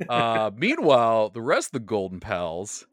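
A man whose voice sits on the low side, a bit bright and unhurried, with wildly swooping pitch, recaps a tabletop session he ran as game master. It's casual podcast storytelling, rambling and full of fillers and self-corrections, recorded without echo.

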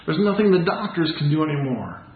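A man's voice: fairly high pitch, lively intonation, a little fast. A man preaching a sermon as pastor, earnest and conversational, asking the congregation rhetorical questions. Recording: echoey room, tinny phone-like sound.

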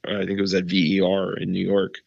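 Man, gravelly voice, rambling casual story, dull lo-fi sound. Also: deep voice, monotone, fast, darkish tone, no room sound. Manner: rambling, lots of fillers, acts out quotes. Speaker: cinematographer guest.

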